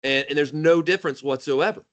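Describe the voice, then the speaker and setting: A man teaching a high school math class live, joking and calling on students by name. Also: brisk, lo-fi sound.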